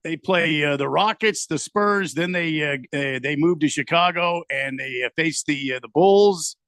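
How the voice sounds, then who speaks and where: Gravelly male co-host, halting and dry. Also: on the high side, a bit bright, dry recording. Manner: hesitant, lots of uhs, dry humor. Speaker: radio co-host. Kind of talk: casual sports radio chat.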